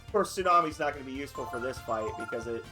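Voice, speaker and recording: A man's voice: medium pitch, animated, racing, music in the background. A man giving casual, playful and self-mocking commentary while playing a video game. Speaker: let's play host.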